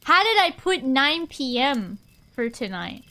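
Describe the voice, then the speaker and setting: Bright high-voiced woman streamer. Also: big pitch swings, unhurried. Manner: chatty, rambling, answers chat aloud. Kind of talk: casual chat with a live stream audience.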